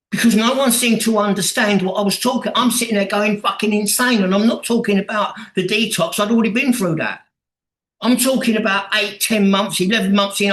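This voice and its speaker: Guy sharing at a recovery meeting, swears constantly, high bright voice, roomy echo. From England. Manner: blunt and heavily profane, acts out quoted voices.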